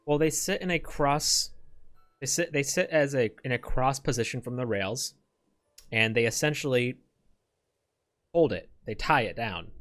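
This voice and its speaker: Rambling American streamer, profane aside. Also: male voice, mid-range voice, normal speed, pauses often, a bit bright. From United States. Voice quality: rambling, profane, self-deprecating. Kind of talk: casual gameplay commentary.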